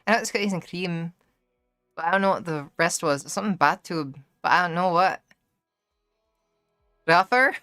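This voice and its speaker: A woman on a live stream talks to her chat in a low-pitched but sharp, bright voice. She is blunt and swears often, full of fillers. Faint music plays behind her. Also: moderate pace, pauses often, clear, resonant tone. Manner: blunt and profane, with many fillers; self-deprecating when trying accents. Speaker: livestreamer.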